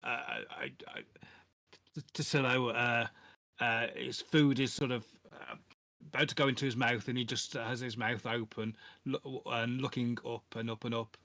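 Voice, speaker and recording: A man at a tabletop game, stammering and halting as he narrates his character. His voice is bright and forward, recorded dry and close. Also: mid-range voice, level tone, dry recording. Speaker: player. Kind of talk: casual tabletop play.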